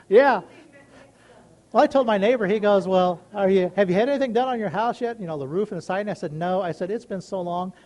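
High-voiced man in folksy faith talk. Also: darkish tone. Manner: earnest, rambling, folksy storytelling with many asides. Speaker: Christian speaker sharing a personal story. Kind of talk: casual devotional talk.

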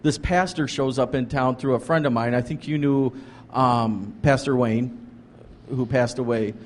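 Slightly slow and steady in tone, this medium-pitched guest is a pastor and ministry leader. He shares his ministry story in an earnest, rambling, conversational way, with many restarts and "like" fillers.

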